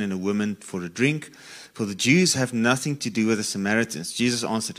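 A man teaching from the Bible, reading verses aloud and then explaining them in a relaxed, conversational way. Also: lowish voice. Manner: reads scripture aloud, then explains it informally with asides. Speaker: preacher.

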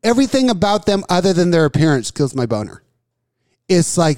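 A man with a notably high voice tears into celebrities with loud, profane, emphatic rants. He sounds close and dry, as on a small studio mic. His delivery is casual banter on a crude talk show. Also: big pitch swings, fairly quick, no room sound. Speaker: podcast co-host. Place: small studio with desk mics.

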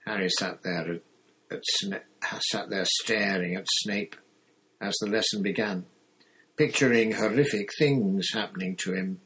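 A man reading a novel aloud in a steady narrating manner, with occasional slips and restarts. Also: on the low side, unhurried, slight background noise, poor audio. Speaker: audiobook reader. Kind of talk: storybook narration.

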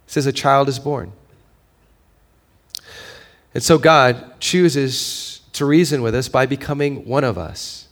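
A pastor preaches a sermon in a mid-range voice at a slow pace, pausing often and talking to the congregation conversationally, with fillers and a frequent "right?". He drops to a hushed, intimate tone for stories, then swings up to loud, emphatic points.

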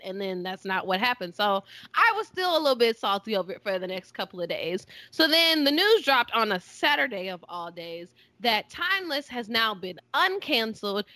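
Woman chatting on a podcast, bright sharp voice, dry close sound, really expressive. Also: fairly high pitch, no room sound. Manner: expressive, emphatic storytelling. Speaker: podcast co-host. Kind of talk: casual podcast chat.

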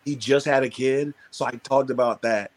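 A man, a pro wrestler, telling a story in a podcast interview, animated and acting out his own lines. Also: mid-range voice, moderate pace. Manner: animated, acts out quotes, swears freely.

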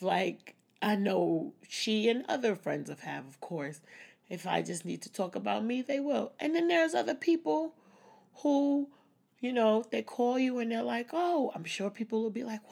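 This woman's voice is on the high side, animated yet a little slow, creaky and a little mellow. She's a vlogger talking openly and reflectively in a personal vlog, with occasional small laughs.

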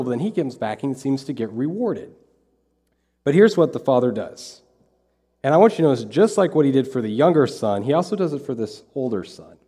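A man's voice: mid-range voice, dark tone. A man preaching a sermon as pastor, talking in a conversational way and repeating phrases for emphasis. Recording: long hall reverb.

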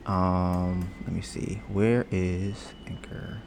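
A young man hosting a casual home podcast, rambling and joking, bragging about his smooth steady voice. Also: deep voice, slow pace, slight background noise. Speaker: podcast host. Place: home, storm outside. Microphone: podcast mic with headphones.

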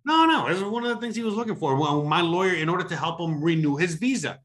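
A man telling a story in casual chat. He rambles, swears a lot, keeps saying "you know what I mean", and acts out heated quotes with sudden loud, high bursts. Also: lively intonation, quick pace. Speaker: expat services provider telling a story.

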